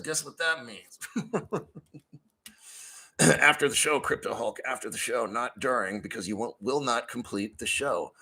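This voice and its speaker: A middle-aged American man hosts a crypto livestream, ranting in a profane, combative, rambling style. His mid-range voice sounds pushed and bright, and the audio quality is poor.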